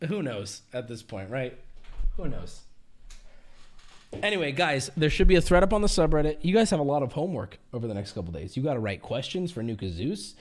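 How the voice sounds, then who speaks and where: A young man talking to his stream in a casual, rambling way. When riled he rants and swears, his pitch swinging widely. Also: a little hiss or hum. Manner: heated ranting with swearing. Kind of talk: casual livestream chat.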